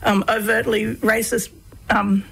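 A woman guest telling stories in a relaxed interview, with many fillers. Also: a little high, measured pace, gravelly, slightly rough, rough recording. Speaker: guest, comedy researcher. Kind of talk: conversational interview.

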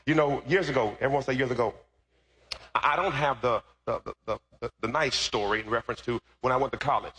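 A man pastor preaching a sermon, telling a story and then rising into shouted preaching. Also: mid-range voice, fast talker, husky.

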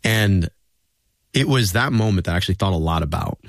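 This political interview guest speaks low, animated and brisk, with no echo around him. He tells earnest, reflective personal stories in a conversational interview style.

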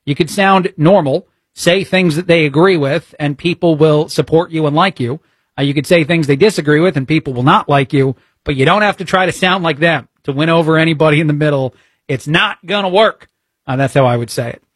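Indignant talk radio host, fairly high voice. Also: male voice, a little fast, breathy edge, no echo. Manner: lots of "uh" fillers, indignant and sarcastic. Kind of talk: opinionated talk radio monologue.

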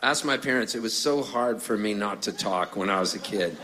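Between songs on stage, a middle-aged Canadian man tells jokey stories, animated and acting out voices as he goes. His voice is fairly low and his delivery brisk.

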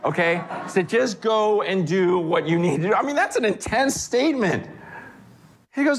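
A middle-aged man, a pastor, preaching a sermon in a lively way, often stumbling and repeating words as he starts a thought. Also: moderate pace, breathy edge. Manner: animated, wide pitch swings, repeats words when starting.

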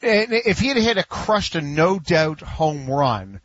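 A man's voice: on the high side, very animated, unhurried, a bit bright, no echo, muffled recording. A man co-hosting a sports talk show, teasing playfully and rambling in casual chat. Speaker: sports radio co-host.

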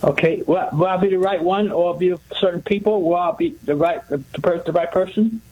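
A man's voice: high voice, brisk, darkish tone, breathy edge, lo-fi sound. A man calling in to a radio show, speaking hesitantly and repeating words. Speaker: caller.

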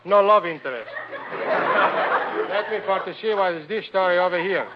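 A man plays a bumbling restaurant owner in an old radio comedy, tangling his English with cheerful, mangled grammar. His voice sits high for a man. A dull, noisy old broadcast recording carries it. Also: moderate pace, lightly acted. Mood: chatty. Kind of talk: 1940s radio comedy acting.

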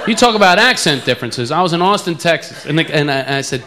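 A man's voice: on the high side, expressive, fast talker, hardly any pauses. A man from the eastern United States doing a stand-up routine, playfully mocking accents and stretching out words. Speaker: stand-up comedian. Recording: live club recording with loud crowd noise.

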